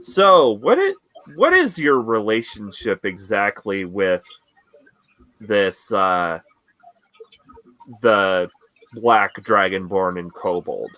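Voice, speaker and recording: Slow, bright-voiced man as game master. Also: on the low side, sing-song, no echo. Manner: halting, many fillers and restarts. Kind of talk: narrating a tabletop game.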